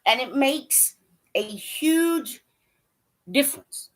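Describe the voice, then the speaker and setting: A woman's voice: high voice, animated, drawn-out words. A woman hockey fan giving a blunt, profane, scolding rant straight to camera. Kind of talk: ranting monologue to camera.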